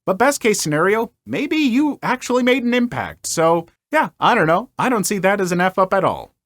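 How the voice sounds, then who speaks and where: A man narrating online stories in a wry, conversational way with an animated delivery. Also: sits high, normal speed, dry recording. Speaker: story narrator.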